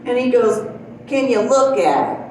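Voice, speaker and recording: A high, lively woman in her fifties tells self-deprecating stand-up stories and laughs as she goes. She is heard from far back in a very echoey club. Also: normal speed, background noise. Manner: self-deprecating storytelling, acts out quotes, laughs often. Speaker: stand-up comedian. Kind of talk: stand-up comedy set. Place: comedy club stage.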